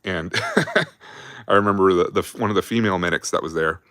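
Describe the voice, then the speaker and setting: A man's voice: low voice, very animated, moderate pace, a bit bright, no echo, studio quality. A young adult man telling army stories on a livestream in a casual, rambling, profane way, laughing often. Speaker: livestream host.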